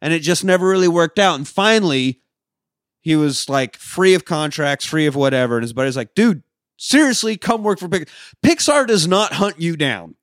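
A man's voice: on the high side, lively intonation, normal speed, fairly bright tone, dry recording, studio quality. Casual, laughing podcast man. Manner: loose and profane, laughs often. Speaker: podcast co-host. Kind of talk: casual movie-review chat.

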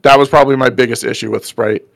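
A man's voice: mid-range voice, steady tone, quick pace, vocal fry, no room sound. A man co-hosting a casual movie review podcast, laid-back and agreeable, swearing casually. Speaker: podcast co-host.

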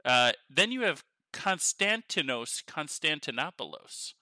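A man co-hosting a podcast in casual chat, rambling excitedly and laughing often. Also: a little high, unhurried, no room sound. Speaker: podcast co-host. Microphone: headphones on, podcast mic.

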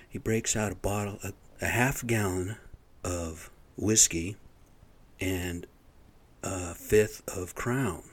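A man's voice: deep voice, slow. A middle-aged man telling stories in a blunt, profane, rambling rant to his viewers. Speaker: vlogger. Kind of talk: casual rant to camera.

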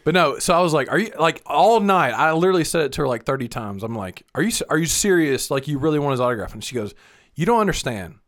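This middle-aged podcast co-host talks fast in a slightly high voice. He tells stories animatedly in casual chat, cursing without restraint.

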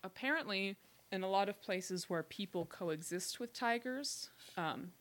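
Bright-voiced woman explaining casually. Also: medium pitch, unhurried. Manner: relaxed, explanatory, often laughing. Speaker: podcast host telling the story. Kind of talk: casual chat.

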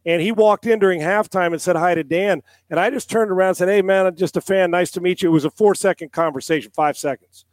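Ex-quarterback guest, middle-aged man, tells stories with swearing and voiced quotes, high and dry. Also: quick pace, few pauses, no room sound. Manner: animated storyteller, acts out quotes, swears casually. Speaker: guest, former NFL quarterback and analyst. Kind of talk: casual storytelling on a podcast.

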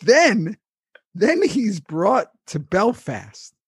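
A man co-hosting a casual chat, retelling a plot excitedly, swearing freely and laughing often. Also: high-pitched, very slow, husky, no room sound, clean studio sound. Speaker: podcast co-host, former cast member.

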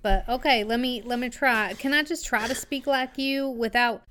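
A woman's voice: fairly high pitch, normal speed, hardly any pauses, fairly bright tone. Stammering, apologetic woman player. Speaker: tabletop game player. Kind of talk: playing a tabletop game.

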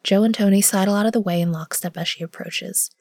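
A woman narrating an audio drama in the first person, measured and often hushed. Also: medium pitch, fairly even intonation, no room sound. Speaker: narrator and lead character.

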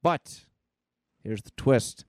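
A man's voice: extremely slow, darkish tone, dry recording. Enthusiastic male podcast host. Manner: enthusiastic, retelling a comic aloud. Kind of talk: casual chat.

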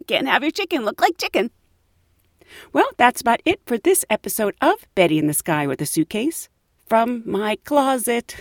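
Lively woman hosting a podcast. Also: fairly high pitch, a little slow, pauses often, no echo, studio quality. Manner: lively, chatty, reads aloud with amusement. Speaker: podcast host. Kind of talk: casual chat.

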